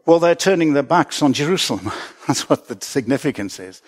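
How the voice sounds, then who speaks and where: A man preaches a sermon in an earnest, reflective way. His voice sits a little higher than most men's, and he pauses to chuckle and correct himself as he goes. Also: animated. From Britain. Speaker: pastor.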